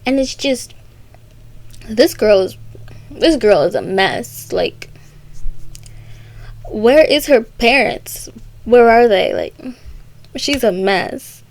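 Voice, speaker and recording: A woman's voice: a little high, expressive, slow, long pauses. A young woman recapping a story for comedy, with sarcastic, rambling asides. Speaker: video creator.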